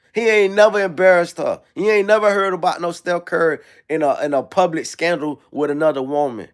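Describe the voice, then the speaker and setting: A man's voice: sits high, a little fast, hardly any pauses. A man hosting a livestream, ranting in a casual, profane and slangy way. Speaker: livestream host. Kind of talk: casual rant.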